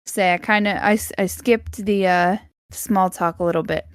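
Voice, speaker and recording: A woman's voice: mid-range voice, fairly even intonation, moderate pace, clean tone, no echo, studio quality. A woman hosting a casual podcast, laughing often and stumbling through fillers. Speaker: podcast host. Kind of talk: casual chat.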